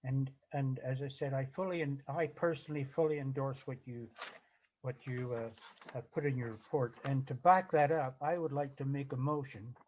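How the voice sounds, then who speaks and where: A man chairing a board meeting, formal and halting, reading out a motion slowly. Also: mid-range voice, steady tone, a little mellow, dull audio.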